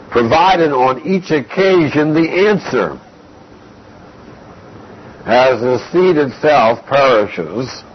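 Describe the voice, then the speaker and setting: A man preaching an expository Bible lesson, slow and deliberate, reading scripture aloud between explanations. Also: mid-range voice, breathy edge. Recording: dull lo-fi recording.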